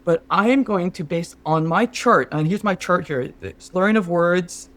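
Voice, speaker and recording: A man's voice: sits high, normal speed, a bit bright. A Canadian man improvising a scheming, overly polite male Sherpa guide in his own regular voice, fussing with mock concern. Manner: fawning, mock-concerned, keeps saying sir. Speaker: podcast co-host. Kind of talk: improvised comedy sketch.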